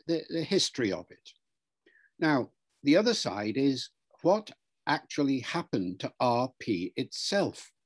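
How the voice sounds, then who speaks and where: A husky-voiced older man with lively pitch plays the patient expert in an interview. As a linguist, he lectures in measured tones, demonstrating pronunciations and spelling words aloud.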